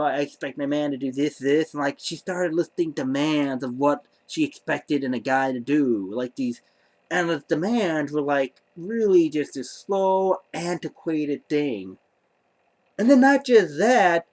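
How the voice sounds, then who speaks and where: Exasperated rambling guy, somewhat high voice. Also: sing-song, unhurried, darkish tone. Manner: rambling, stammering restarts, exasperated disbelief. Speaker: vlogger. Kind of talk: casual storytelling to camera.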